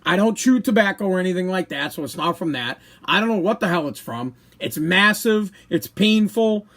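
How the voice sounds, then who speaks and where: A man talks straight to his live-stream audience in a fairly high voice. He rambles, restarts and repeats himself as he vents his frustration in a casual, unscripted way. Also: expressive, moderate pace, fairly bright tone. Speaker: podcast host.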